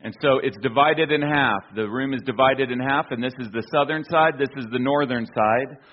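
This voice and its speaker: A man from the United States talks through a slideshow in a loose storytelling way, full of ums and restarts. His voice sits at an ordinary pitch. The recording is dull and lo-fi, with the top end rolled off. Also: normal speed. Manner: storytelling with fillers and restarts, chuckling. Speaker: speaker presenting an archaeology slideshow. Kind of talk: casual illustrated talk.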